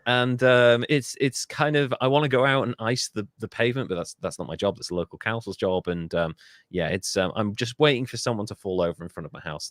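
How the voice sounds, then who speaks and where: Jokey sweary podcast host. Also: male voice, lowish voice, animated, fast talker, no room sound, studio quality. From England. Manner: swears freely, jokey, mimics people in silly voices. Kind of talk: casual podcast chat.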